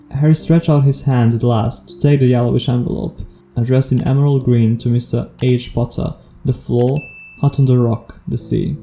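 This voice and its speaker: A man reading a storybook aloud as audiobook narrator, steady and even. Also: mid-range voice, normal speed, gravelly, reverberant, slight background noise. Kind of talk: scripted narration.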